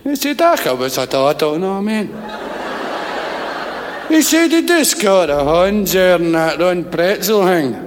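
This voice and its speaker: A man's voice: high-pitched, sing-song, unhurried, a crowd in the background. A man in a comic sketch, rambling and boastful, using folksy grammar. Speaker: comedian. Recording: hall with noticeable noise.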